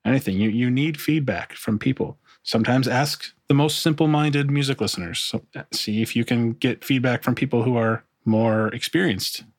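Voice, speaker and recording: A man's voice: medium pitch, moderate pace, no echo, studio quality. A man who works as a music producer, talking casually in an interview, rambling with many restarts and fillers.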